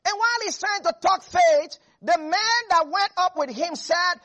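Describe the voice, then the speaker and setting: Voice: very high voice, a little slow, few pauses, bright, forceful tone. A preacher delivering a sermon in an emphatic style, repeating phrases and chuckling between points.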